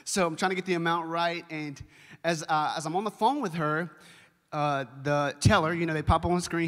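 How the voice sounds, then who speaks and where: A young male pastor with a high, bright voice tells a story from the pulpit, lively and conversational, talking straight to the people in front of him. His voice rings out with the long echo of a large church hall. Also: normal speed. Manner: animated, conversational, addresses the congregation directly. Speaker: children's pastor. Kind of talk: storytelling sermon.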